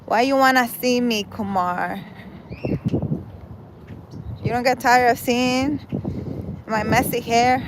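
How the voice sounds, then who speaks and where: A tired woman hosting a relaxed livestream, chatting with viewers and answering their comments while walking through a park. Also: on the high side, slow, pauses often. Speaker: livestream host. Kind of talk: casual chat with viewers. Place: outdoors in a park. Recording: loud wind noise outdoors on a phone. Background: loud wind noise.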